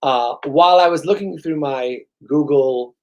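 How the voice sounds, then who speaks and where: Male host, rambling profane comic, self-deprecating, slightly higher voice. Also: unhurried. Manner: profane, sarcastic, self-mocking. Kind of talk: rambling comedic monologue.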